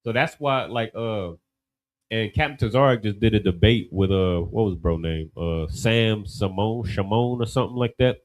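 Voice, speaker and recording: A man leads a relaxed class. His voice sits fairly low. He talks loosely and keeps checking in with his listeners. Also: moderate pace, slight background noise, low-quality recording. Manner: loose and conversational, many "you know what I mean" asides. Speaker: class teacher. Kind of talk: casual classroom teaching.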